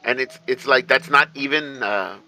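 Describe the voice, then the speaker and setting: Bright-voiced man in casual chat. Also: mid-range voice, rough recording. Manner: rambling, halting with restarts. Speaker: podcast co-host.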